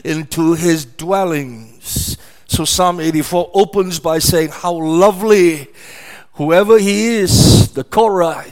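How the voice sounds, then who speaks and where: A middle-aged man preaching a sermon, emphatic and repetitive, asking rhetorical questions and answering them. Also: a little high.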